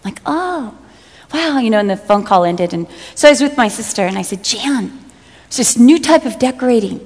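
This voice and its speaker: A woman's voice: on the high side, lively intonation, fairly quick. A middle-aged woman giving a sermon, telling personal stories and acting out what friends said with humor. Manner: storytelling, acts out quoted friends with humor. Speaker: speaker giving a talk to women. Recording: long hall reverb.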